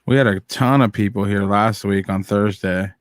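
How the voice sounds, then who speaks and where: A man's voice: lowish voice, steady tone, normal speed, no echo. A man co-hosting a podcast from his home studio, laid-back and joking in casual chat. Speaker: podcast co-host. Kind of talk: casual live-stream chat.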